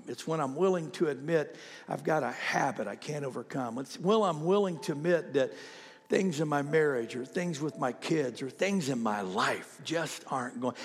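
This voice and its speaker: A male pastor telling a story in a sermon, animated, climbing to high shouts at the peaks and dropping to soft whispers. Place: church sanctuary. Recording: long reverb of a large hall.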